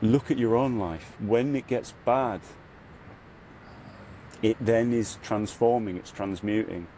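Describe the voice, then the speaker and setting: A man with a fairly low voice speaks as a podcast guest, telling his own story in a casual, heartfelt way. He fills his sentences with "you know" and lifts into loud, high bursts when he relives the hard parts. A faint hum of noise sits behind him. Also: slow pace. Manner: earnest, reflective storytelling with frequent "you know". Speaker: podcast guest, spiritual guide. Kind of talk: casual conversational interview.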